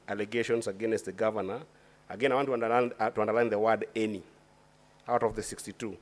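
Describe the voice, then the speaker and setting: A man, a senator questioning a witness at a formal hearing in a deliberate, formal way, often restarting his phrases. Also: fairly low pitch, fairly even intonation. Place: committee hearing chamber.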